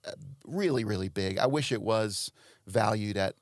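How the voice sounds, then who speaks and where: A man guest on a podcast, telling his story in a reflective, measured way. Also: lowish voice, no echo, clean studio sound. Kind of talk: casual podcast chat.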